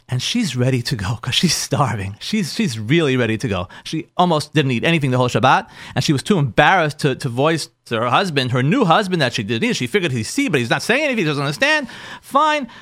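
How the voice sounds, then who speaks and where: Man, rabbi telling a marriage story, high voice, lively swooping pitch, dry close sound. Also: no room sound. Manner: animated, acts out the couple's lines in quoted voices. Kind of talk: storytelling talk to an audience.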